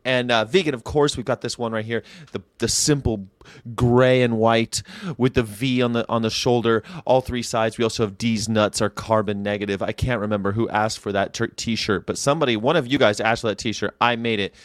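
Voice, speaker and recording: A man from Southern California hosting a casual vegan livestream, talking in an animated, rambling way that jumps between jokes and pleas. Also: mid-range voice, a little fast, no room sound, clean studio sound. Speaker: vegan channel host.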